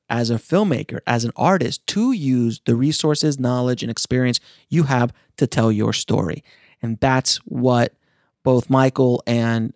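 A man's voice: medium pitch, a little mellow, no room sound, clean studio sound. A middle-aged man, a filmmaker hosting his own show, talking earnestly and passionately to his listeners, often restarting his phrases. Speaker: filmmaker and podcast host. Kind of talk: casual monologue to listeners.

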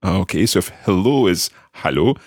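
A man hosting a podcast language lesson, carefully and slowly repeating phrases after his co-host. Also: low-pitched, lively intonation, a little mellow, slightly rough, no room sound, clean studio sound. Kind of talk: friendly scripted lesson banter.

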